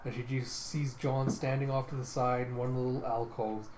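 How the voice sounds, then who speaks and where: Casual male comic reader, mid pitch, roomy room with faint hum. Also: little pitch movement, a little fast, darkish tone. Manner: casual, filler-heavy retelling.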